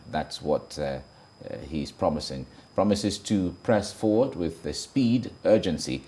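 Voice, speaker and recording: Low-voiced male news presenter, Nigerian accent, deliberate newspaper-review delivery. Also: dark tone. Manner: reads headlines twice, slow and deliberate. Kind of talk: newspaper review reading headlines.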